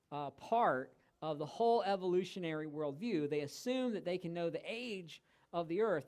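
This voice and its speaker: Animated man teaching in a church. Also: sits high. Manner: animated storytelling with humor. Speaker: guest teacher. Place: church hall.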